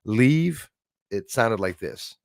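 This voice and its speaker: A man hosting a live stream, telling a story in a casual, animated way full of fillers. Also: on the low side, normal speed, background noise. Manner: animated, acts out quoted voices, frequent fillers.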